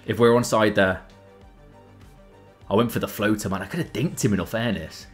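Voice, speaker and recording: A young man talks through his own matches, his pitch leaping up whenever a chance opens. His delivery is casual and lively, like gameplay commentary. Faint music plays quietly underneath. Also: moderate pace. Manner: excitable, jumps in pitch at big chances. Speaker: gaming YouTuber.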